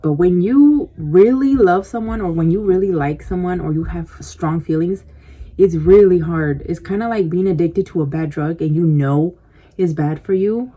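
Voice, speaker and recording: A woman with a lowish, mellow voice snacks while vlogging, confiding a casual, rambling story directly to her viewers. Her chat is full of "like" and "you know," and it's recorded on a compact camera mic.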